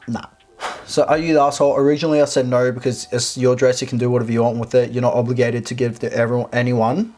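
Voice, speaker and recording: Blunt, husky man. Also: mid-range voice, a little mellow. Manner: blunt, profane, sarcastic. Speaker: video host. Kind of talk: reading and commenting on a reddit post.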